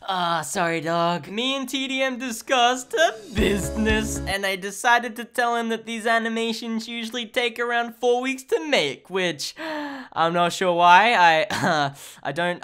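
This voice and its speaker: A late-teen guy tells a comedic story with a bouncy, wide-swinging voice, leaping from mock-dramatic outbursts to muttered sarcastic asides. His pitch rises and falls a lot as he jokes. Background music plays under his voice the whole time. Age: late teens. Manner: animated, sarcastic, jumps between mock-dramatic shouts and low mumbled asides. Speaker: animator and YouTuber.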